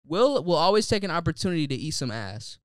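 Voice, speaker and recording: A man's voice: on the high side, clean tone, dry recording. A young man co-hosting a podcast, chatting casually and riffing with jokes into a studio mic. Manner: joking, animated, quick to riff. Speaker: podcast co-host. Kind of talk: casual chat. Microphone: studio microphone.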